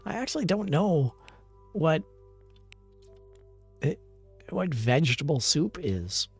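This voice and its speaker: Gravelly, lively man streaming casually. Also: fairly high pitch, takes it slowly, faint music behind. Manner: laughs often, reads chat messages aloud; self-deprecating, rambling. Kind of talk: casual live-stream chat.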